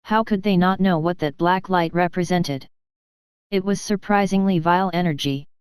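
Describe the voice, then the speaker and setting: A woman narrating a fantasy audiobook in a steady, even reading. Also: on the low side, normal speed, smooth, no room sound. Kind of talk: scripted narration.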